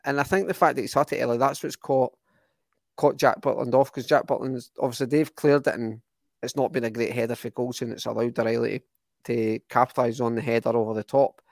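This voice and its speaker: A man's voice: mid-range voice, steady tone, a little fast, vocal fry, dry recording. A young Scottish man, co-host of a fan podcast, chatting casually about football, rambling and restarting his sentences. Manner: rambling, restarts often, enthusiastic.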